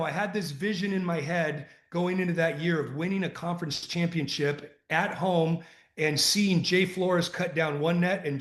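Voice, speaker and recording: A man, a retired college basketball coach, telling earnest, animated stories about his teams as a podcast guest. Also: sits high, roomy sound. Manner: earnest, animated anecdotes, acts out dialogue. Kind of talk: conversational storytelling.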